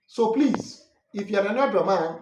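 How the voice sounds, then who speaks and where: Earnest high-voiced Nigerian man teaching. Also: animated, moderate pace, darkish tone. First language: Ikwerre. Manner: earnest, corrective, emphatic. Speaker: language and culture teacher. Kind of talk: explanatory talk on names and dialect. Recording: roomy echo from a distant mic, faint noise.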